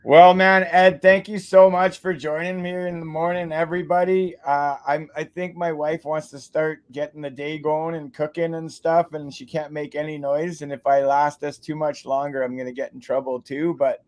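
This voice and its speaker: A man's voice: fairly high pitch, flat delivery, normal speed, hardly any pauses. A man from Canada hosting a casual after-show chat, telling laid-back stories and laughing often. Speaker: show host. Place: home.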